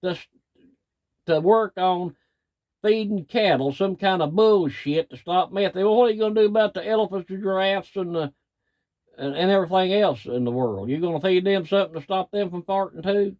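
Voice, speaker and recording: Angry plain-spoken cattle farmer. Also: male voice, high voice, normal speed, darkish tone. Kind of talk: frustrated rant to camera.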